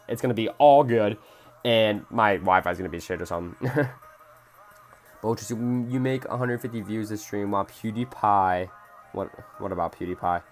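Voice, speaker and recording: A young man live-streaming a mobile game, swearing at his phone and answering chat as he plays. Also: lowish voice. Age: young adult. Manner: frustrated, swearing, reading chat aloud. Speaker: gaming streamer.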